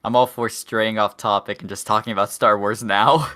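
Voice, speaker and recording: A man's voice: lowish voice, moderate pace. A man co-hosting a casual movie-review podcast, laughing often and joking along. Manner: laughs easily, jokey and lively. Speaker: podcast co-host. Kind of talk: casual chat.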